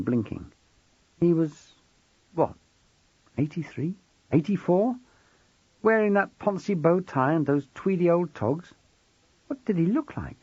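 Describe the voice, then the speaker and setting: A man reading a novel aloud as an expressive, wry audiobook narrator. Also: a little high, slightly rough, no room sound, dull audio.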